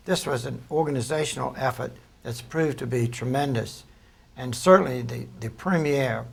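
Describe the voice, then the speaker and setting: A male interviewer asking measured questions, pausing with ums. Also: medium pitch, vocal fry, breathy edge.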